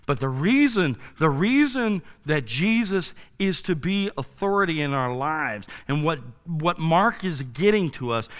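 A male pastor preaching a sermon to his church, emphatic and building to loud commands. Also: high-pitched, clear, resonant tone. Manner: emphatic, rising to shouted commands. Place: church sanctuary.

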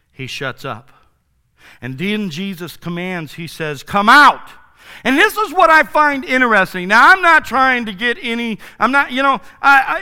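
A male pastor preaching a sermon to his church, emphatic and building to loud commands. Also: sits high, smooth. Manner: emphatic, rising to shouted commands. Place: church sanctuary.

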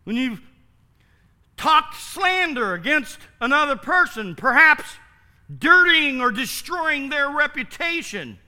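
Man pastor mid-sermon, lively high voice, pressing and repeating points. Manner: emphatic, repetitive preaching with rhetorical questions.

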